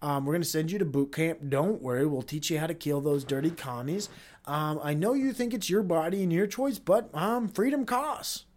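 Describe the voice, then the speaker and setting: A man's voice: fairly high pitch, lively intonation, normal speed, darkish tone, natural voice. A man mimicking a patronizing male government recruiter in a mock-friendly, condescending tone.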